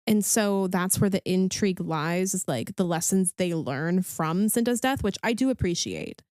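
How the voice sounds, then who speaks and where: A woman's voice: lowish voice, animated, normal speed, darkish tone, no echo, studio quality. A woman co-hosting a podcast in casual chat, bubbly and enthusiastic, with lots of "um" and "like". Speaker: podcast co-host.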